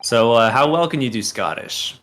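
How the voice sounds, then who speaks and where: Chill guy co-streaming a game, bright voice, laughs a lot. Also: medium pitch, expressive, moderate pace. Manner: laughing, easygoing. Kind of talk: casual let's-play chat.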